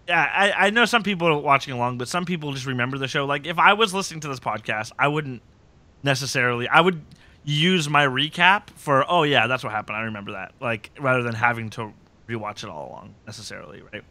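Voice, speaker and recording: A man hosting a podcast, recapping episodes in casual chat and acting out scenes in quick impressions. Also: medium pitch, bright, forceful tone, no echo.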